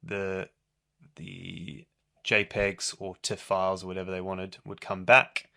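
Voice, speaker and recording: A middle-aged man from Zimbabwe, a guest telling chatty, animated anecdotes in conversation. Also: sits low, a little slow, creaky. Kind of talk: casual storytelling in conversation.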